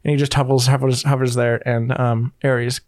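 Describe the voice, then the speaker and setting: A man's voice: mid-range voice, flat delivery, normal speed, darkish tone, no room sound, studio quality. A young man as game master, narrating a tabletop game in a rambling, joking way with many hesitations.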